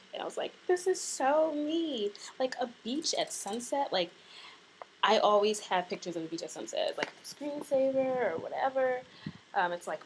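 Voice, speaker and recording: A woman's voice: fairly low pitch, a little hiss or hum, rough recording. A young woman vlogging from her apartment, telling a rambling story full of "like" and "um". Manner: rambling, filler-heavy storytelling with lots of "like". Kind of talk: casual chat. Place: apartment in Florence.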